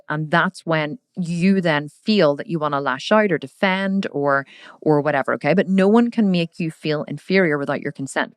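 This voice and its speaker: A woman hosting a casual motivational podcast, talking straight to the listener in a lively way and acting out voices. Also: low-pitched, no echo, clean studio sound. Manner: lively, addresses the listener directly, acts out quoted voices. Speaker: podcast host and coach.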